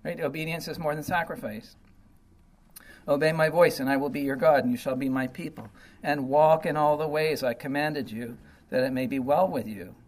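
A man's voice: medium pitch, fairly even intonation, a little fast, poor audio. A man giving an informal verse-by-verse Bible teaching, talking conversationally and often paraphrasing God's words in a blunt, sarcastic tone. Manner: conversational, full of "you know" and "okay".

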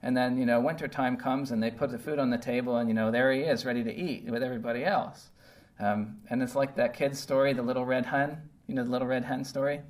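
Brief: male Bible teacher, mid pitch, relaxed conversational delivery, often checks in with listeners. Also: fast. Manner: conversational, checks in with "okay?" and "right?". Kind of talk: casual verse-by-verse Bible teaching.

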